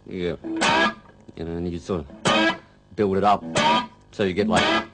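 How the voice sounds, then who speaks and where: Very low, gravelly rambling man. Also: steady tone, loud music behind the voice, low-quality recording. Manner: rambling and halting, full of "you know". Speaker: rock guitarist. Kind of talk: casual interview reminiscence.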